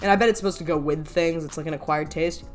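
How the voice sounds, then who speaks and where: A woman's voice: low voice, fast talker, soft background music. A woman hosting a reaction commentary video, talking in a blunt, exasperated, slangy way.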